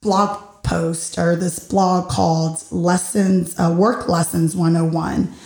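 Gravelly low woman in an echoey room. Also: little pitch movement, slow pace, darkish tone. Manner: thoughtful, hesitant, with many fillers and restarts. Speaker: podcast host. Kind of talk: reflective casual monologue.

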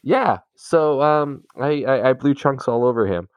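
A man's voice: medium pitch, animated, unhurried, no room sound. A man from Canada, co-hosting a podcast and telling raunchy stories in loose, laughing casual chat. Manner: bawdy, storytelling, laughing often. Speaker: podcast co-host.

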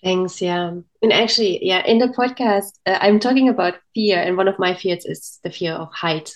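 A woman's voice: on the low side, moderate pace. A woman podcast host sharing personal stories in casual conversation.

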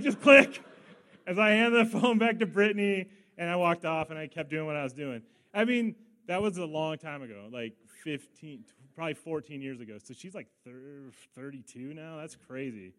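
High-voiced man preaching a sermon. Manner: storytelling, animated with laughs and quick asides. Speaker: pastor.

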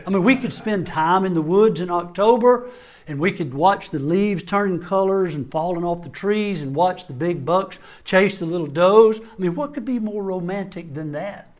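An older man, a family doctor, giving a sermon-style talk to men, with folksy humorous stories and soft, low-voiced serious moments. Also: moderate pace. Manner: folksy, humorous storytelling with dry asides. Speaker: family doctor and conference speaker.

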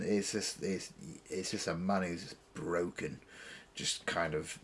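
A young man in casual chat, rambling through stories with many fillers and getting loud when excited. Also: low voice, a little slow, slightly rough. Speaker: podcast co-host.

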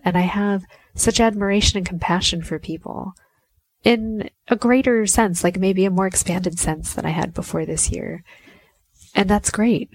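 A woman's voice: lowish voice, normal speed, no room sound. A young woman talking through her thoughts in a casual monologue. She is candid and musing, with lots of filler likes and short laughs.

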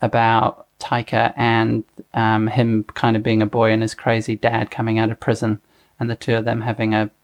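A man's voice: fairly low pitch, completely flat delivery, normal speed. A middle-aged man hosting a casual podcast chat. He rambles, chuckles and keeps stopping to correct himself. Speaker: podcast host.

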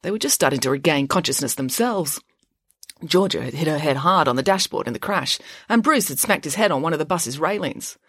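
A woman reads a children's adventure story with an expressive, animated delivery, her tone rising and falling through the action. The recording is close and dry, with no room sound. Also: low voice, a little fast, husky, dry recording. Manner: lively, expressive reading. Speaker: author reading her children's book. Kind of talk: storybook narration with character voices.

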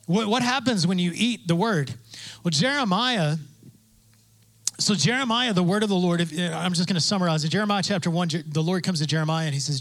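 A man preaching a sermon as pastor, conversational with asides, acting out quoted voices and building to loud emphasis. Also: sits high, a little fast. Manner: conversational with asides and self-interruptions.

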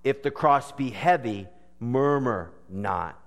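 A man's voice: medium pitch, lively intonation, slow pace, long reverb tail. A man preaching a sermon with earnest, emphatic phrasing and stretched words. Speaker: pastor.

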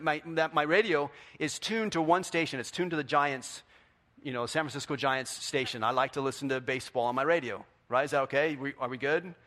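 A middle-aged man preaching a sermon in a conversational way, asking the congregation questions and swinging from quiet to loud. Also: mid-range voice. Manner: conversational, asks the audience questions. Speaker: pastor.

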